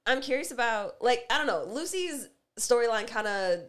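A woman co-hosting a casual podcast chat, playful and wry, quick with a joke. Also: a little high, lively intonation, a bit bright. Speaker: podcast co-host. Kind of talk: casual chat reviewing a TV show.

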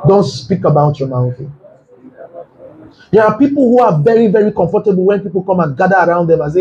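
Male pastor, high-pitched, fervent sermon delivery with sudden shouted peaks. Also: expressive, fairly quick, muffled recording. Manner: emphatic, rhetorical questions, bursts into shouting. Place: church.

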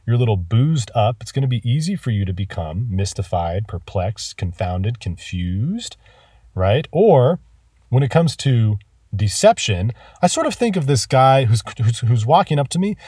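A man teaching a vocabulary lesson, enthusiastic about words and spelling them out slowly. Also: medium pitch, sing-song, warm tone, breathy edge, no echo, clean studio sound, recorded from a distance.

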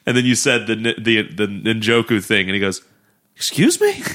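A man's voice: fairly low pitch, brisk. A young man co-hosting a casual podcast with a friend, telling stories with lots of laughter. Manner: animated storyteller, laughs often. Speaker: podcast co-host. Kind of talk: casual chat between friends.

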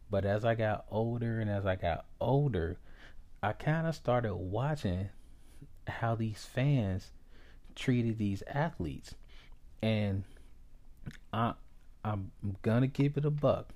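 Slow-talking man from Ohio telling a story. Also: fairly low pitch, lively intonation, warm tone. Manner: unhurried, halting with restarts. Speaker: podcast host. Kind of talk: personal storytelling monologue.

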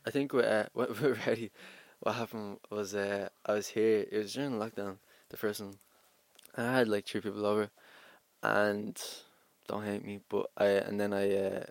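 A man's voice: lowish voice, vocal fry, dry recording. A young man, a rapper, chatting casually about his music in a laid-back way, laughing often and trailing off. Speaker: rapper guest. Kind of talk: casual interview chat.

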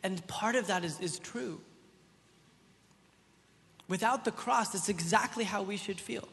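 A man in his thirties preaching a sermon, swinging from loud, soaring lines to quiet, intimate ones, telling stories in a casual, chatty way. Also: high voice, unhurried, gravelly. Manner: impassioned preaching, rises loud then drops soft. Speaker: pastor. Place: church hall. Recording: echoey hall with long reverb.

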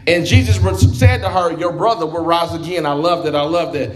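A man's voice: on the high side, a little fast. A man preaching a sermon in a conversational, folksy way, with speech. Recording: roomy hall with music behind.

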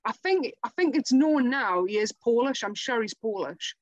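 A woman's voice: a little high, animated, moderate pace, no echo, lo-fi sound. A woman co-hosting a podcast in casual chat, sweary and laughing as she retells film scenes. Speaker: podcast co-host.

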